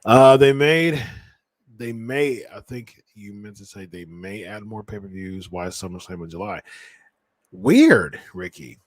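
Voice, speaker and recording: A man's voice: fairly low pitch, animated, unhurried, no echo. Rambling male podcast host, dry sound. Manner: rambling, with frequent restarts and self-corrections. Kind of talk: casual wrestling commentary.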